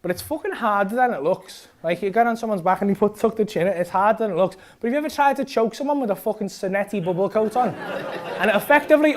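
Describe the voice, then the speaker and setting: Swearing man telling a story on stage. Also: high-pitched. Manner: swearing, rambling, animated retelling with tag "right?". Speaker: stand-up comedian. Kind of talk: stand-up storytelling. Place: comedy club stage. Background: audience laughter.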